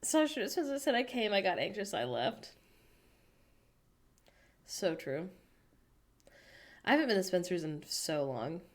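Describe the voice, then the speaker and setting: An American woman hosting a casual livestream, chatting playfully and reading viewers' messages aloud with animated, self-mocking humor. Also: mid-range voice. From United States. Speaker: livestream host reading chat. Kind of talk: casual chat.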